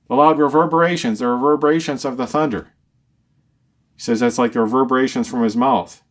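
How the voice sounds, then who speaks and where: A man's voice: mid-range voice, normal speed, pauses often. A male Bible teacher who explains scripture verse by verse. He reads each verse with lifted emphasis, then explains it in a conversational tone, often repeating words as he thinks aloud.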